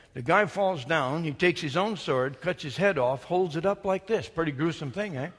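A man's voice: mid-range voice, long reverb tail. A man preaching an emphatic, storytelling sermon in a church sanctuary. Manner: emphatic, storytelling, shifts from loud to hushed.

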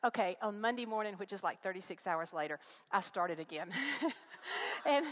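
A woman's voice: medium pitch, expressive, normal speed. Middle-aged woman, earnest testimony speaker at a church event, heartfelt and personal, mid-range voice. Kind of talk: personal faith testimony to a live audience.

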